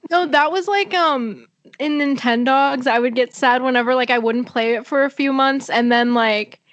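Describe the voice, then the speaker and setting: Bubbly young woman with a high voice. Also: normal speed, lo-fi sound. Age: young adult. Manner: bubbly, laughs often. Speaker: podcast co-host. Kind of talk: casual chat.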